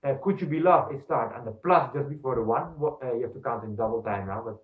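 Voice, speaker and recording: Man in his own voice teaching percussion, counts beats aloud and explains slowly; distant, thin phone-like recording in an echoey room. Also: medium pitch. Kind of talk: instructional demonstration.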